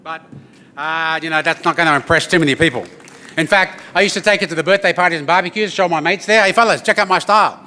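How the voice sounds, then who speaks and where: Faint music plays behind an Australian artist who tells funny stories and demonstrates the didgeridoo at a corporate briefing. He talks fast in a voice on the high side, bright and forceful with a steady tone, joking and chatty, often ending lines with "yeah?" and "eh?".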